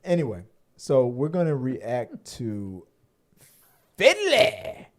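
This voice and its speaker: A man's voice: medium pitch, expressive, moderate pace, dark tone. A man co-hosting a casual podcast, rambling with many fillers and restarts and the odd curse. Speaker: podcast co-host. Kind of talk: casual chat.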